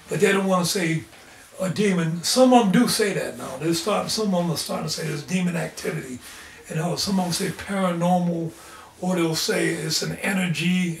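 Speaking in a high voice, a man who is a lay preacher fervently and earnestly recounts his experiences during an interview. There's slight background noise, with faint ambience from an echoey room picked up by a distant mic.

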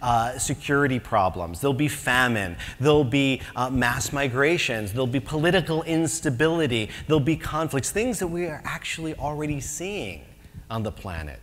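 An American man telling a comic story at a conference, animated and self-mocking, acting out his own panic. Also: medium pitch, moderate pace. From United States. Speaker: conference speaker. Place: conference hall. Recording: echoey hall, faint noise.

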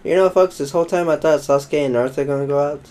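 A man's voice: a little high, rapid-fire, darkish tone, poor audio. Young man rambling through a game. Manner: rambling, playful, addresses viewers as folks. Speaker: let's play host. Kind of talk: casual gameplay commentary.

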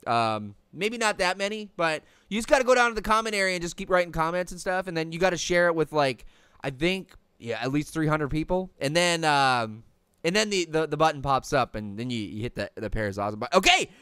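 A man voicing a cocky, hyper talking pear who brags about his gaming skills while playing a video game, slangy and prone to high squealing screams. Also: animated, fairly quick, sharp tone, clear, resonant tone, no room sound, studio quality. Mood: chatty. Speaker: game commentator. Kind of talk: let's-play cartoon commentary.

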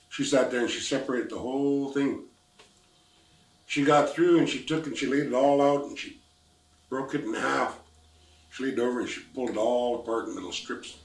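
An older man from the Pacific Northwest telling a folk tale in a lively, folksy way with exclamations. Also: mid-range voice. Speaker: storyteller. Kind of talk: oral storytelling. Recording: roomy, mic at a distance.

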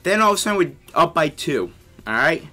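A young man talks through his basketball video game in a bright, forward voice. He rambles casually and shouts when shots drop, then grumbles when teammates mess up. Faint music plays underneath. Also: fairly high pitch, brisk. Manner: excitable, yelling on big plays, grumbling at teammates. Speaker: gamer commentating his own play. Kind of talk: casual gameplay commentary.

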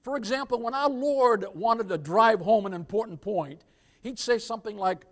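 A man preaching a sermon as pastor, swelling to loud cries and dropping low, often addressing the congregation as beloved and calling for amen. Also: lively intonation, normal speed.

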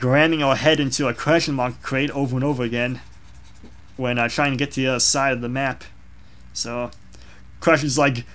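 A man's voice: mid-range voice, fairly bright tone, clean tone. Rambling young man critiquing his drawing. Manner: rambling and self-deprecating, many fillers. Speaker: drawing vlogger. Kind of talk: casual commentary over a drawing.

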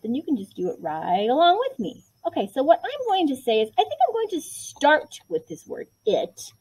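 A woman's voice: sits high, a little mellow, low-quality recording. A woman teaching kindergarten writing in a patient, encouraging way, sounding out each word step by step. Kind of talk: online writing lesson for young children.

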